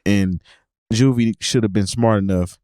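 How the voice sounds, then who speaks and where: A man's voice: fairly low pitch, a little slow, warm tone, clean tone, no room sound, studio quality. A man co-hosting a hip hop podcast, giving mock-stern, opinionated rants in casual chat. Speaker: podcast co-host.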